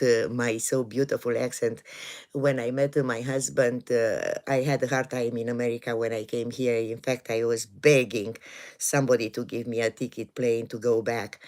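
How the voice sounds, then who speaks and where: Slow, hesitant Romanian-accented older woman. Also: rumbling low, darkish tone. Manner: hesitant, many pauses and fillers, chuckles often. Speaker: livestream host. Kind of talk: casual live-stream chat. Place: home in the woods.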